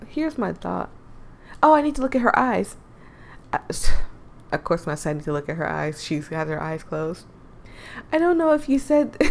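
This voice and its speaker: A young woman with a medium-pitched, creaky voice hosts a casual let's-play of a game on her channel. She chats, giggles and wanders off into asides.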